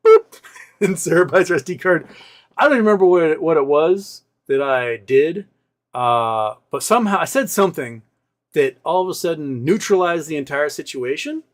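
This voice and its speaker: A man's voice: fairly high pitch, moderate pace. Rambling man telling a personal story. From Seattle area. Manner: rambling, animated retelling with quoted voices. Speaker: host. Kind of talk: casual storytelling.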